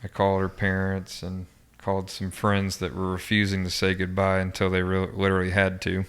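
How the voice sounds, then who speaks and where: A man as a podcast guest, recounting a personal memory in a halting way, with frequent restarts and fillers, subdued and quiet at times. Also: low voice, monotone, smooth. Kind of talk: personal recollection in an interview.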